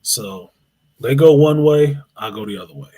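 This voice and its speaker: A man hosting a live show, telling a long, profane story in an animated way. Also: mid-range voice, moderate pace. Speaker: host.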